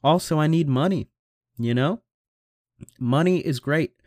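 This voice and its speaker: A man's voice: on the high side, a little slow, a little mellow, dry recording, studio quality. A young man in his late teens hosting a casual solo podcast from a home mic setup, rambling and swearing with self-mocking humor. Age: young adult. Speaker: podcast host. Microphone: home computer microphone.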